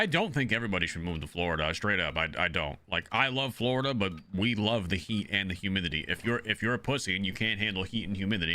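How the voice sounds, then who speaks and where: A man's voice: lowish voice, sharp tone. A man originally from the Northeastern US chatting casually while streaming a game, blunt and profane and prone to rambling.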